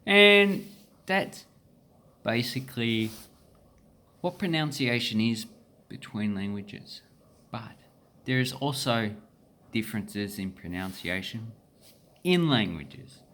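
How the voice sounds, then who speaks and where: A man with an Australian accent explaining pronunciation in a relaxed, meandering way, with filler pauses. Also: mid-range voice. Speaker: language teacher. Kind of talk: casual explanatory lesson.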